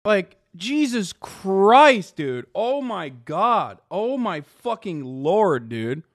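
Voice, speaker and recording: A man's voice: high-pitched, very animated, very slow, dry recording, clean studio sound. A man reacting to clips in casual commentary, profane, sarcastic and exasperated.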